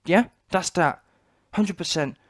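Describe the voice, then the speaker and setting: A man's voice: high voice, takes it slowly, a bit bright. A British man with a British English accent, ranting in an emphatic, repetitive and mocking way on a boxing vlog. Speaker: boxing vlogger. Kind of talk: opinionated vlog rant.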